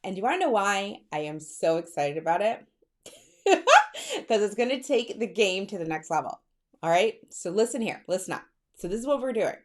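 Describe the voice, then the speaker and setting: A fertility coach speaks close to the mic, direct to camera, in a lively, personal vlog style. Her voice sits at an everyday middle pitch, her pace is brisk, and she sounds excited and chatty, repeatedly calling her listeners "girl" and "sis."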